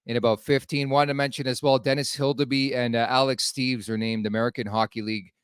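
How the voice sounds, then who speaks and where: A man's voice: mid-range voice, level tone, fast talker, smooth, no room sound, studio quality. A man co-hosting a casual sports talk show, chatty and laughing along, reading promos between topics. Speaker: podcast co-host.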